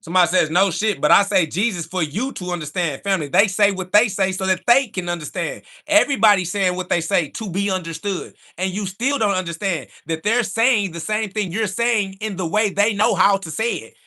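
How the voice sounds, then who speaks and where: Bright-voiced man ranting on a livestream. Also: high voice, brisk, few pauses. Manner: insulting, preachy, repetitive; rises to shouting when heated. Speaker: livestream host answering chat. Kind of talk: combative livestream monologue.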